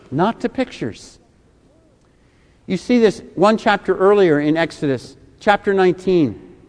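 Pastor in his fifties, somewhat high-pitched male voice, emphatic sermon delivery in a long-reverb hall. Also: a little mellow. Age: 50s. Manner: emphatic preaching with repeated rhetorical questions.

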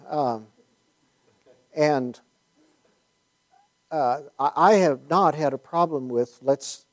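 A man's voice: on the high side, animated, measured pace, long pauses, a little mellow. A man giving a conversational Bible teaching talk, rambling with many fillers and restarts and wry asides. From United States.

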